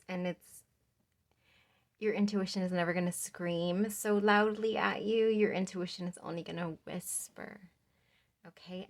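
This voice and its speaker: A young woman with a slightly low voice reads tarot cards for her viewers. She talks in a gentle, reassuring way and rambles, with lots of fillers. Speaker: tarot reader. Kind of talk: pick-a-card tarot reading.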